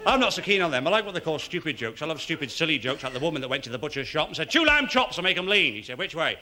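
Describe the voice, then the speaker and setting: A man's voice: on the high side, big pitch swings, racing, noisy background. A man telling silly stand-up jokes and laughing at his own punchlines. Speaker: stand-up comedian.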